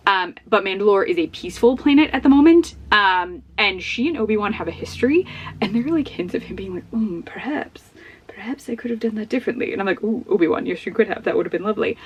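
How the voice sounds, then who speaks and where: A young woman talking casually at home in a book vlog, chatty and bubbly. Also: mid-range voice. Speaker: book vlogger. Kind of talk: casual chat.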